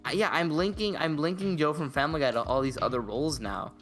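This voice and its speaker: A man's voice: a little high, fast, a bit bright, soft background music. A young man co-hosting a casual podcast chat in a sarcastic, self-deprecating way. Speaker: podcast host.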